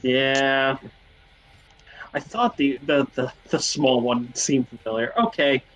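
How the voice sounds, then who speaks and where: A man's voice: medium pitch, slow, a little hiss or hum, rough recording. A man playing a tabletop game in a casual way, hesitating a lot and filling his speech with ums and uhs. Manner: hesitant, full of fillers. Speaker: player.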